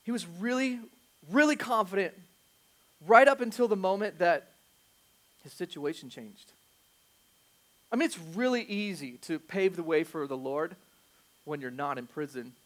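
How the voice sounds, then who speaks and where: High-voiced pastor preaching a sermon. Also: male voice, animated, normal speed, long pauses. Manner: conversational, swings from quiet asides to loud emphatic bursts; self-deprecating, jokes with the congregation.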